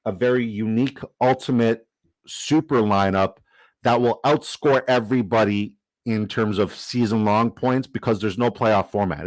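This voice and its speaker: A man hosting a live stream, upbeat and chatty, swearing casually and giving shout-outs. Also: lowish voice, no room sound, poor audio. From Canada. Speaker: livestream host. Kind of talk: casual livestream commentary.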